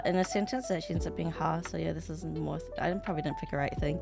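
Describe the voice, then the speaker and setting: NZ woman streamer, lowish voice, chatty live commentary over a music bed. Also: fairly even intonation, fast talker, gravelly. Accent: New Zealand. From New Zealand. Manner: chatty, reads aloud and reacts. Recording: background music track.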